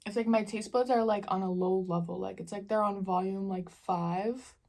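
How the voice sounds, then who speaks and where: A woman's voice: medium pitch, steady tone, normal speed, warm tone. A young woman vlogger chatting casually in slangy storytelling while she eats on camera. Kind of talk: casual mukbang Q&A chat.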